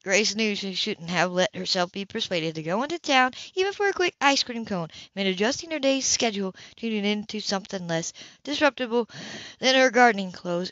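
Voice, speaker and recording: A woman reads a novel aloud at a steady, even pace, her voice at a middling pitch. The recording is dull and lo-fi, with a dry sound and no room around it. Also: no room sound. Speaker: audiobook reader. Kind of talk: audiobook narration.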